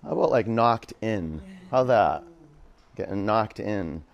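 A man's voice: fairly low pitch, animated, slow pace, gravelly, dull audio. Man, yoga teacher, live class, chatty jokey asides, pose cues, studio.

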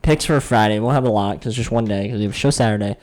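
A man's voice: fairly low pitch, rapid-fire, darkish tone. Male podcast host, loose chatty banter, jokey, trails off mid-sentence. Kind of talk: casual sports betting chat.

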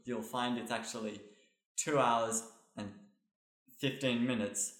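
Deadpan podcast guy, fake serious, roomy sound. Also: mid-range voice, slow. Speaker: podcast co-host. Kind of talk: joking casual chat. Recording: roomy echo.

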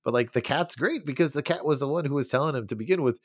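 A man's voice: on the high side, fast talker, dry recording, clean studio sound. A man co-hosting a podcast, chatting casually about a film, laughing often and acting out quotes. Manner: animated, laughs often, acts out lines. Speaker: podcast co-host.

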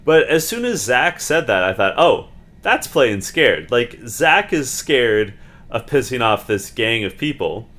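A man's voice: mid-range voice, lively intonation, measured pace, fairly bright tone. A man co-hosting a podcast who rambles through his thoughts on a reality show in casual chat, filling his talk with "like". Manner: rambling, heavy use of "like". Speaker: podcast co-host.

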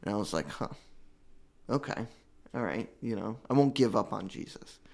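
Man, lowish voice, heartfelt testimony, halting, restarts often. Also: lively intonation, vocal fry. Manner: earnest, halting, with many restarts. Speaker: guest telling his recovery story. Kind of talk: emotional personal testimony.

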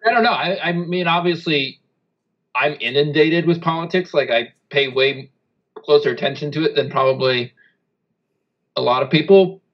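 A man's voice: a little high, steady tone, normal speed, dull audio. A man co-hosting a casual political podcast, talking loosely with hedges and frequent laughter. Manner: casual, hedging, laughs often. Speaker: podcast co-host.

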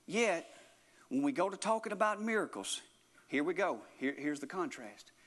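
A man's voice: on the high side, a bit bright, long reverb tail. A man preaching a sermon in an earnest, repetitive way, often restarting his phrases.

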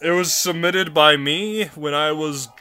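A man's voice: a little high, measured pace, bright, forceful tone, faint music behind. A man co-hosting a podcast, chatting casually, often laughing, self-deprecating and swearing. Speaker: podcast co-host.

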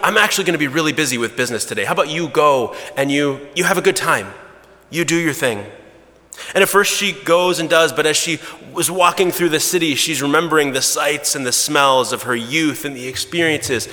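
Male preacher, conversational sermon, restarts, crisp bright tone, long hall reverb. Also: medium pitch. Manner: conversational, hesitant restarts, drops to a hushed voice for emotional moments. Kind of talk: sermon storytelling.

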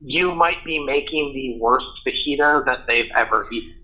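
A man's voice: medium pitch, normal speed, pushed and bright, rough recording. A man in his thirties co-hosting a podcast, talking casually with lots of fillers and asides. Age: 30s. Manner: rambling, filler-heavy questions. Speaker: podcast co-host. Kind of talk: casual chat.

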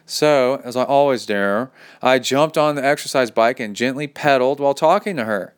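Chill podcast guy reading out a listener email, smooth clear voice, jokey asides, lots of "dude". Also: mid-range voice. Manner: laid-back, jokey, says "dude" a lot. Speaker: podcast host. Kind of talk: reading a listener email aloud with casual commentary.

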